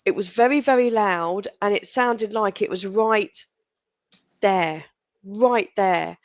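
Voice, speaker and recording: British female co-host, chatty anecdotal delivery, mid pitch, dry recording. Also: takes it slowly, no room sound, muffled recording. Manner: chatty storyteller, trails off mid-sentence. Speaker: paranormal investigator, co-host. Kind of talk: casual live-stream chat.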